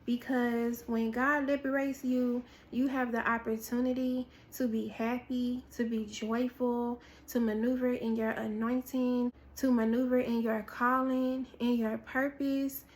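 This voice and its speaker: A woman preaching a prophetic word in sermon style. She tells an animated story, acts out what people said, and repeats key phrases for emphasis. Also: a little high, a little slow, few pauses. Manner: animated storytelling with acted-out quotes, repetition for emphasis.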